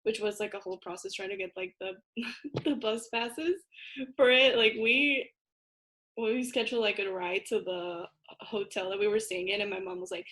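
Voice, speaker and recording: A woman's voice: medium pitch, normal speed, fairly bright tone. A young woman from Paraguay, a guest in a casual chat, chatty, filling her talk with little fillers and laughing often.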